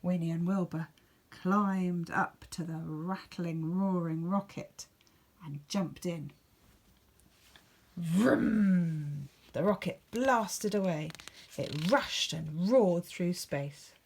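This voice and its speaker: A woman teacher reading a picture book aloud to children, expressive and playful with whispered asides. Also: lowish voice, slow pace. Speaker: primary school teacher.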